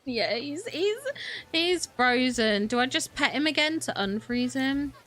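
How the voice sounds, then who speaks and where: A woman's voice: sits high, lively intonation, a little slow, fairly bright tone. A young woman streaming a game, talking to herself in a flustered, chatty way with frequent laughs and exclamations. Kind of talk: gaming livestream commentary.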